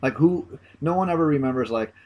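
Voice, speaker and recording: A man co-hosting a casual sports podcast, relaxed and hedging as he talks. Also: on the high side, brisk, lo-fi sound. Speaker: podcast co-host.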